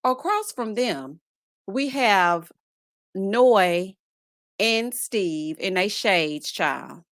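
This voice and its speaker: A woman's voice: medium pitch, expressive, drawn-out words, a bit bright, no room sound, studio quality. A woman hosting a casual live stream, greeting viewers one by one and making sassy, playful asides. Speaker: livestream host.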